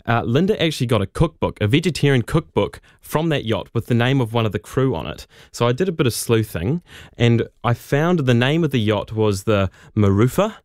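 A man's voice: medium pitch, animated, brisk, a little mellow, no room sound, studio quality. A man, a radio producer telling a story in a chatty, informal way. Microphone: studio microphone.

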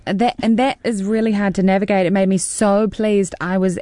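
A woman's voice: mid-range voice, steady tone, normal speed, dark tone, no room sound. Chatty New Zealand woman in her forties. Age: 40s. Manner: chatty, laughs often, tumbling storyteller. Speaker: actor guest. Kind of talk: casual interview chat.

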